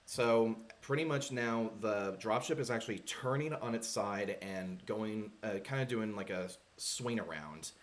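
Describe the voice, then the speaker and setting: Halting man narrating as game master. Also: lowish voice. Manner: halting, full of fillers and restarts.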